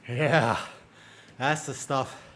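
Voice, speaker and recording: A man chatting casually on a live game stream, excitable and full of quick exclamations. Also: medium pitch, a little hiss or hum.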